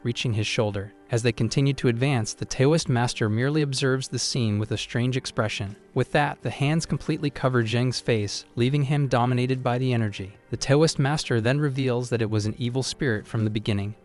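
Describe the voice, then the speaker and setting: A man narrating a comic story recap in a steady, even storytelling delivery. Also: mid-range voice, fairly quick, hardly any pauses. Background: faint background music.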